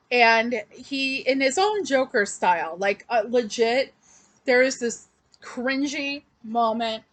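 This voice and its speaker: Woman comic reviewer, loose and chatty, drawn-out delivery, plenty of "um" and "like". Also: on the high side. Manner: chatty and loose, with many fillers and restarts. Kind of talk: casual comic recap.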